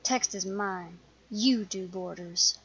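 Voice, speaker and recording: A woman's voice: medium pitch, flat delivery, a little slow, husky, highs cut off. A woman voicing a paranoid, brusque teenage boy in a game, blunt and conspiratorial. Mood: curt.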